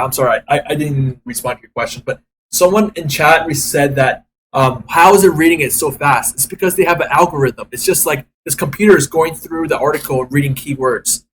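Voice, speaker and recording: A man's voice: a little high, fast, a bit bright, a little hiss or hum, rough recording. A man day trading on a live stream, talking to his chat and cursing at the market in frustration. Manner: frustrated, swearing, talks to chat.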